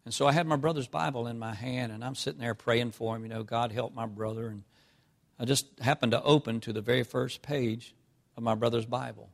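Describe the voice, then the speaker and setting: A man's voice: medium pitch, fairly even intonation, a little fast, vocal fry. Fervent preacher man. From North Carolina. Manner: swings from hushed, tearful tones to loud, fervent emphasis; reads scripture in an old-fashioned cadence. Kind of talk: storytelling sermon.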